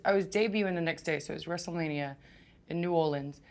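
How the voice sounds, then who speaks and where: Young woman, interview, chatty, restless, lowish voice. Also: fast, creaky. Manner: chatty, lots of "like", stumbles when excited. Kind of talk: casual interview storytelling.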